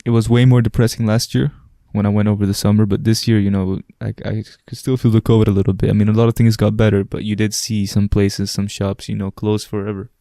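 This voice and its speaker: A man's voice: fairly low pitch, little pitch movement, fast talker, hardly any pauses, warm tone, no echo, clean studio sound. A young Italian man, a native Italian speaker, co-hosting a podcast in casual, teasing banter. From Italy. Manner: laid-back, teasing, peppers talk with "bro". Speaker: podcast co-host. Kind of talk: casual chat.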